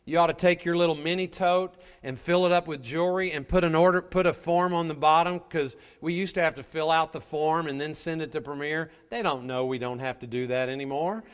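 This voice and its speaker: A man's voice: fairly high pitch, fairly even intonation, brisk, hardly any pauses, clean tone. A middle-aged man giving a folksy motivational talk to a live audience, telling stories and addressing listeners directly. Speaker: motivational speaker.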